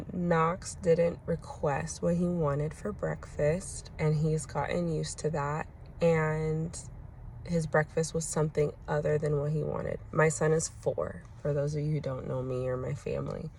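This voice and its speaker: Give me a young mother in a casual vlog, speaking slowly and reflectively. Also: low-pitched, level tone, a little hiss or hum. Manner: reflective, gentle, with many pauses and fillers. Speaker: mother sharing a parenting story.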